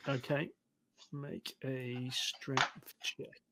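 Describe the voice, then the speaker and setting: A man narrating as game master of a tabletop game over a voice call, relaxed and hesitant with fillers. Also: medium pitch, extremely slow, creaky, noisy background.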